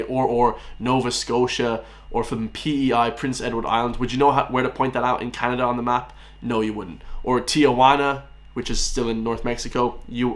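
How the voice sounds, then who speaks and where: A man's voice: medium pitch, a bit bright. An Irish man in his late twenties, hosting a casual reaction video, chatting to viewers and laughing often. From Ireland. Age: 20s.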